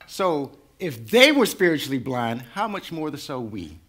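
A man's voice: on the high side, very animated, normal speed, a bit bright. A man preaching a sermon in a conversational way, building to rising intensity. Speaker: pastor.

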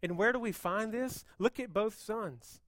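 A man preaching a sermon as pastor, moving between hushed, intense passages and loud, fervent appeals. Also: sits high, unhurried, no room sound, clean studio sound.

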